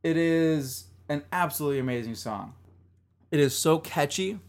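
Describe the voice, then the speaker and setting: A male podcast host with a slightly higher voice, chatting casually about albums. He talks enthusiastically and rambles, restarting and repeating his phrases as he goes. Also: normal speed.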